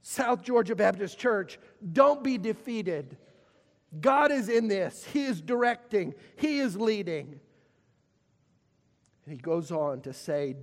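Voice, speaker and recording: A pastor preaches in a high, unhurried voice that rings through a long hall reverb. He stumbles and repeats himself as he builds, then drops to a near hush. The sermon style comes through in every phrase. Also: animated. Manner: preaching with repetitions and dramatic pauses, swinging from loud to hushed.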